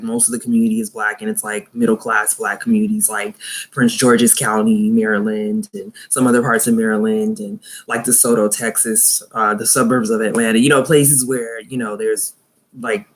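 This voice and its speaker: A young adult vlogger giving a live, casual review of a TV show, chatting and laughing often, with incredulous asides. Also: medium pitch.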